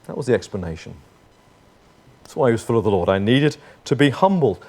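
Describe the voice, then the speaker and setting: A man preaching a sermon as pastor, earnest, moving between forceful lines and hushed ones. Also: medium pitch, expressive, brisk.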